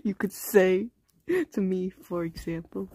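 Woman reading comic lines all mock dramatic, slow, dry close sound. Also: fairly low pitch, fairly even intonation, mellow, no echo. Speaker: comic dub voice actor. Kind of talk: playful amateur comic dub reading.

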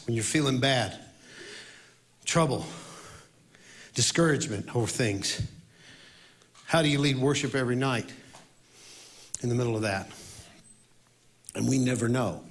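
A man who is a worship leader, telling a story in a sermon and swinging between loud outbursts and quiet reflection. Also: medium pitch, moderate pace, long pauses.

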